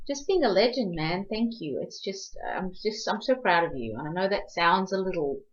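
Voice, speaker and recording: A woman's voice: fairly low pitch, animated, moderate pace. A woman hosting a casual interview, effusive and affirming, full of praise for her guest. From Australia. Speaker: interview host. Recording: slightly dull lo-fi audio.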